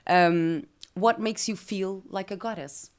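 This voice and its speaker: A woman from Portugal with a Portuguese accent hosts an interview podcast in English, speaking slowly in a medium-pitched voice. She hesitates often, uses many fillers, and laughs easily.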